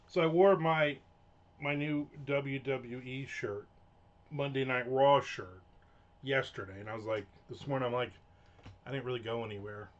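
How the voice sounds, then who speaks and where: A man's voice: medium pitch, moderate pace, muffled recording. A man hosting a live stream, rambling through casual stories with frequent swearing. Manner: rambling, profane, chatty storytelling. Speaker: livestream host. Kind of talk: casual chat while writing. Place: home room.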